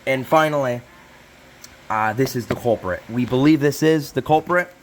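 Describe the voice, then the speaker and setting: In a hot garage, this young channel host talks through a casual repair vlog in a mid-range voice at normal speed, with slight background noise. He wanders and cuts himself off, adding apologetic asides.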